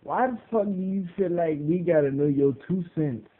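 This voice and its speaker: Tinny-sounding young man ranting loudly. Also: normal speed. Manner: loud, mocking, jumps high when worked up. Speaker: vlogger. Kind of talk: casual profane rant.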